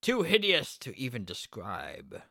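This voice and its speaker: A man co-hosting a casual podcast, wry and joking as he talks. His voice is mid-pitched and sounds dry and close. The delivery is relaxed banter. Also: measured pace, gravelly, no room sound. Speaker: podcast co-host. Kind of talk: casual chat.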